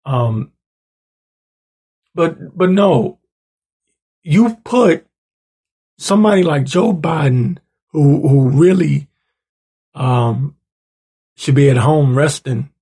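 A man rants at his audience with angry, profane energy, his voice gravelly and rough at the edges. He sits slightly higher than most men and keeps pushing into heated bursts. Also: extremely slow, pauses often, warm tone. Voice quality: gravelly, husky. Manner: angry, profane, ranting, rising to heated outbursts. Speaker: show host. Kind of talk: profane political rant.

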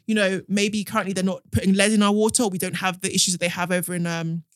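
A British woman hosting a podcast, telling stories and giving opinions in an animated, casual way. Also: mid-range voice, quick pace, no echo, studio quality. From United Kingdom. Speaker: podcast host.

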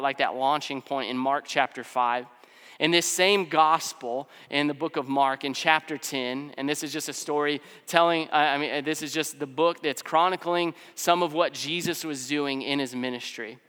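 Bright high-voiced preacher in a reverberant hall. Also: male voice, moderate pace, clean tone. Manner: conversational, with fillers and asides. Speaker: pastor. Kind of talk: sermon. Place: church hall.

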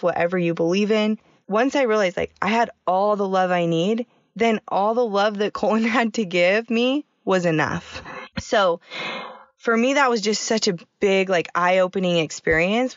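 A woman's voice: mid-range voice, no echo, muffled recording. A woman in her thirties co-hosting a podcast, telling a personal story in a chatty way and laughing often. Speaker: podcast co-host. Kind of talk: casual podcast chat.

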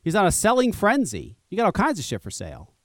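A man's voice: high voice, wildly swooping pitch, quick pace, dry recording, clean studio sound. A man hosting a talk radio show, chatting casually in a rambling, profane way and laughing often.

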